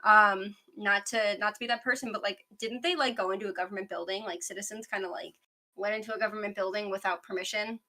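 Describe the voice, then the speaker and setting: A woman in her twenties hosting a podcast, chatting about the news in a fast, rambling way. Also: mid-range voice, steady tone, bright, forceful tone. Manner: fast, rambling, self-aware talker. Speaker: podcast host. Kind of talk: casual news chat.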